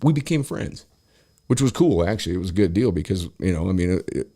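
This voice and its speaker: Casting note: low-voiced male podcast host, salty, animated storyteller, relaxed chat. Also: fast talker. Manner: profane, animated, acts out quoted people.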